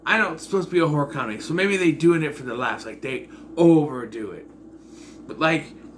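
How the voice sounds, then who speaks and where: Man, casual rambling movie review, lively pitch, bright tone, throat clearing. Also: slight background noise.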